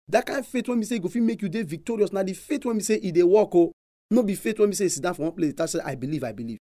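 Nigerian pastor, man, high and dark-toned, repetitive emphatic preaching. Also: no room sound, studio quality. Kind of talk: preaching sermon in Pidgin.

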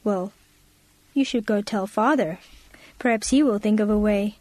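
A woman voicing a helpful young neighbour in a storybook reading, speaking calmly. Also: medium pitch, normal speed, no echo, close to an everyday voice.

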